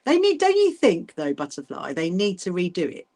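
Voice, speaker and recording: A woman's voice: fairly low pitch, wildly swooping pitch, moderate pace, darkish tone. A middle-aged woman hosting a casual sewing livestream, chatting with viewers and rambling through asides while she hand stitches. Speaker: livestream host.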